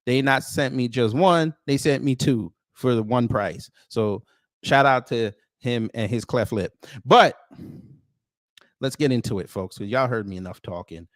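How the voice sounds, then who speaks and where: A man's voice: medium pitch, a little slow, dry recording, studio quality. A man hosting a reaction commentary, scolding and slangy in his delivery. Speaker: commentary channel host.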